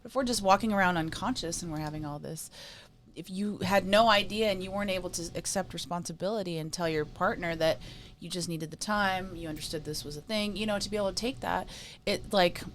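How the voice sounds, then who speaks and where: A woman co-hosting a casual talk on emotions and spirituality, emphatic and quick to laugh, often checking in with "right?". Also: on the low side. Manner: laughs easily. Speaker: co-host.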